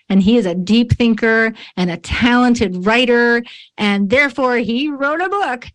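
A chatty woman from New York State hosts a casual interview with plenty of self-mocking humor. Her talk is bubbly and quick to joke. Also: on the high side. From New York State, USA. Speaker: podcast host.

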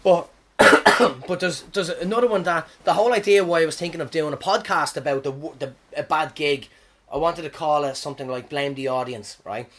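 An Irish comedian hosting his podcast, telling stories about his gigs in an animated, swearing, self-mocking way. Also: on the high side, normal speed. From Ireland. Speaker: stand-up comedian, podcast host. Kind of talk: casual storytelling monologue.

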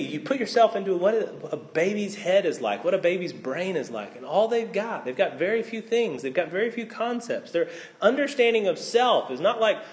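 A male pastor preaching a sermon, swinging between loud exclamations and hushed asides. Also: sits high.

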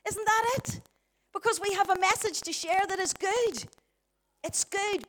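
A woman's voice: extremely high pitch, unhurried, a bit bright. A middle-aged woman with a Northern Irish accent preaching a sermon, emphatic and full of rhetorical questions to the congregation.

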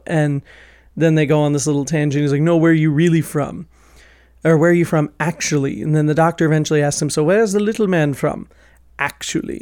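A man's voice: a little high, a little mellow, clean tone, dry recording, clean studio sound. Enthusiastic man gushing about a film. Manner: enthusiastic, acts out quoted lines in raised voices. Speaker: film reviewer. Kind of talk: casual film discussion.

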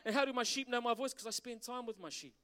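A man's voice: extremely high pitch, quick pace, clean tone. A middle-aged man preaching a sermon as pastor, asking the congregation questions. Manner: animated preaching with rhetorical questions.

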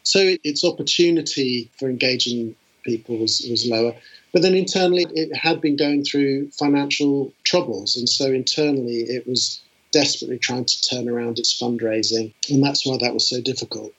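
British man, middle-aged, husky voice, animated interview guest, slightly dull recording. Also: medium pitch, moderate pace. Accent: British English. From England. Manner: animated, enthusiastic, frequent fillers. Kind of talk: conversational storytelling. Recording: dull lo-fi sound.

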